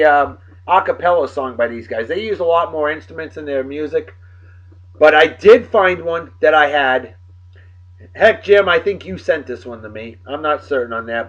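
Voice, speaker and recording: Husky-voiced man rambling in a lively way. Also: a little high, lo-fi sound. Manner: rambling, playful, exclamatory asides. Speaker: host. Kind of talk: casual video blog chat.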